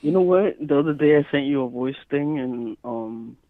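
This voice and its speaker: A man's voice: a little high, moderate pace, no echo, phone-quality sound. A man co-hosting a podcast in easygoing casual chat, joking and laughing at himself. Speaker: podcast co-host.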